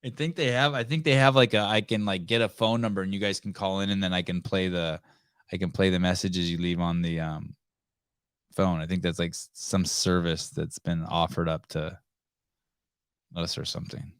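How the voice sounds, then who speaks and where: This man hosts a podcast in a loose, rambling way, swearing freely and laughing often. His voice sits fairly low. The sound is dry and close, with no room echo. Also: fairly even intonation, fairly bright tone, clean tone. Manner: rambling, profane, quick to laugh. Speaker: podcast host. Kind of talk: casual live-stream chat.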